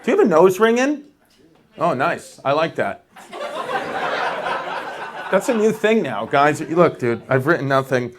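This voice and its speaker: A man's voice: a little high, very animated, unhurried, pauses often, noisy background. A male stand-up comedian doing rambling, self-mocking crowd work on a club stage. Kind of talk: stand-up set. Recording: audience laughter throughout.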